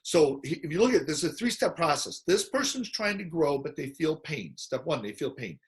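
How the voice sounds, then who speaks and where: Guy hosting a chat, lively, keeps doing little voices for people in his stories. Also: fairly high pitch, a little fast. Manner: animated storyteller, acts out quoted voices. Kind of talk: casual chat.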